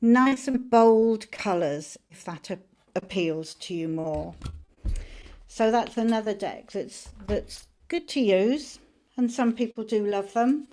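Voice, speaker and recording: Brief: woman tarot teacher, casual and warm in manner, talking through cards. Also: mid-range voice, takes it slowly. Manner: friendly, chatty, explaining cards as she shows them. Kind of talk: informal teaching on camera.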